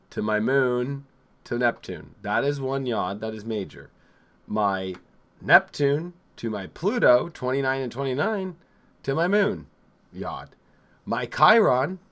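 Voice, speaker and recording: A man hosting a live astrology show, talking in a rambling, excitable and profane way, swinging from loud outbursts to low mutters. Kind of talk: live-streamed casual astrology talk.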